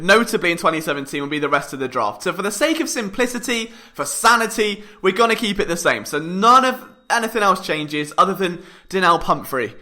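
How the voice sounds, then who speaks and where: A young British man hosting a sports podcast, talking in a jokey, animated, self-mocking way. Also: sits high, fairly quick. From Britain. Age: young adult. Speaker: podcast host.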